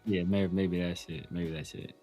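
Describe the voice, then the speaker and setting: A man's voice: sits low, level tone, normal speed, mellow, faint music behind. A man hosting a casual sports talk show, rambling with many restarts and fillers. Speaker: podcast host.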